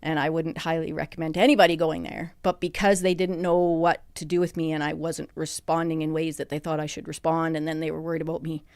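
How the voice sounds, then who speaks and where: A middle-aged woman, a podcast guest recounting a hard time in a halting, emotional way with many restarts. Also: low-pitched, little pitch movement, a little mellow, no room sound, clean studio sound. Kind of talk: personal interview. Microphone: studio microphone.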